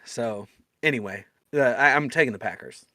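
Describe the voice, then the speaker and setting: A man's voice: medium pitch, normal speed, bright, forceful tone, no echo, studio quality. A man co-hosting a casual sports podcast, joking and blunt in his opinions. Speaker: podcast co-host.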